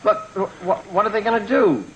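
A man's voice: sits high, fairly quick, muffled recording. A man playing an exasperated grown son, pleading and flustered with his mother, on an old comedy record. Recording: old comedy record with loud hiss and crackle.

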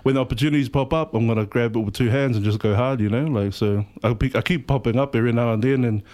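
A man in his thirties with a New Zealand accent, a rapper chatting as a guest in a radio studio, relaxed and rambling with lots of fillers. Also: mid-range voice, fast. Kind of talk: casual interview chat.

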